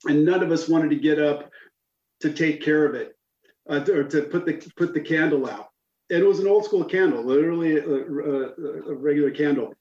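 A man's voice: on the high side, fairly quick, darkish tone. A man telling rambling stories as a podcast guest, often laughing at his own memories. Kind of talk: casual storytelling. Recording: echoey, dull lo-fi sound.

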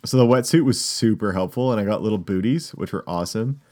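Casting: male podcast co-host, fairly low voice, rambling storyteller, casual. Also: fast talker, darkish tone. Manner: rambling storyteller, filler-heavy.

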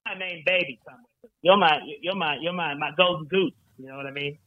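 A man voicing a brash, foul-mouthed American talent agent calling in, with loud boasts and stammering restarts. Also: a little high, fairly quick, narrow, tinny audio, lightly acted. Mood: sleazy. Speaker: caller.

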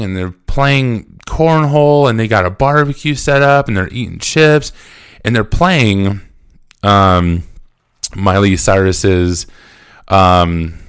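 A man recounting a personal story in a lively way, often acting out what people said to him. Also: lowish voice, clear, resonant tone, no echo, studio quality. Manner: animated storytelling, acting out quotes; frequent fillers and restarts. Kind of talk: personal anecdote.

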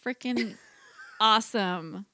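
A woman's voice: mid-range voice, slow pace, pushed and bright, slight background noise. A woman co-hosting a podcast in casual chat, talking in an enthusiastic, gushing way. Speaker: podcast co-host.

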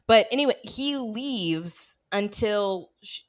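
A woman's voice: mid-range voice, normal speed. A woman co-hosting a movie podcast, chatting casually and animatedly, often slipping into movie quotes. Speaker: podcast co-host. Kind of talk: casual chat.

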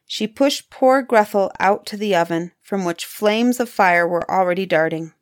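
A woman reads a fairy tale aloud in an expressive storytelling voice. She pauses for drama and lets her tone dip at dark moments. Her pitch sits in a medium range.

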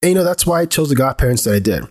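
A man's voice: medium pitch, expressive, rapid-fire. A man in his thirties, a father, talking earnestly and candidly about raising his kids in a loose, rambling way. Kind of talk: reflective personal talk.

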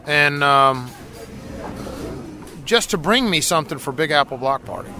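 A man's voice: a little high, lively intonation, unhurried, music in the background. A man co-hosting a podcast, telling stories in a loose, casual chat with lots of fillers. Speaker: podcast co-host.

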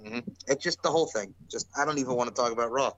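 A man's voice: medium pitch, fast, fairly bright tone, dry recording, muffled recording. A young man co-hosting a casual wrestling podcast, rambling and exasperated, with lots of restarts. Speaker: podcast co-host.

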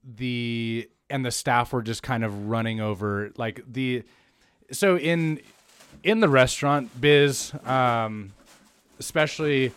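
A man co-hosting a podcast, chatting casually in a relaxed, easygoing way. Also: medium pitch, no room sound. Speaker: podcast co-host. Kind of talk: casual chat.

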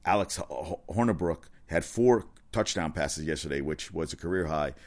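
A man giving a casual, rambling sports rant, excitable and profane, often correcting himself. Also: extremely low pitch, moderate pace. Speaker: sports commentator.

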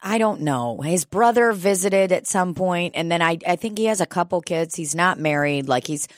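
Profane, storytelling woman with a low voice. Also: lively intonation, normal speed, no echo, studio quality. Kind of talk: casual storytelling chat.

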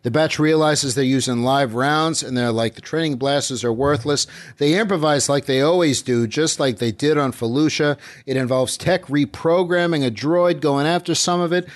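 A man co-hosting a casual podcast, recapping an episode in animated chat and acting out the characters' lines. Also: fairly high pitch, moderate pace, few pauses.

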